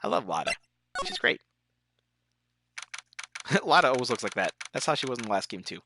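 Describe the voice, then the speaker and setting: Lively let's player reading game text. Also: mid-range voice, moderate pace, background noise. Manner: reads game text aloud with joking asides. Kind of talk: casual gameplay reading. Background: game music.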